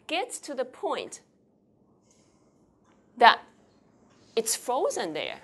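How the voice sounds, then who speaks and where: Woman, university lecturer, Taiwanese accent, bilingual lecture, quizzing the class, somewhat high voice. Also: huge pitch swings, drawn-out words, fairly bright tone, slightly rough. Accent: Taiwanese Mandarin. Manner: explains and quizzes students, switching between Mandarin and English. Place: lecture hall.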